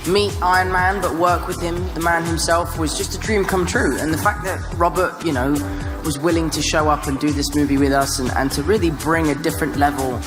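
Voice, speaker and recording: A young man in a press interview, eagerly recounting a story with excitement. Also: a little high, fairly quick. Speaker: actor. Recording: echoey hall from far off, with music.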